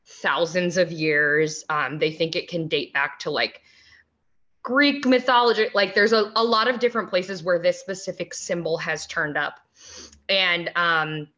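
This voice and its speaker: A woman guest on a podcast, explaining things in casual chat with many pauses and ums. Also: on the low side, a bit bright, highs cut off.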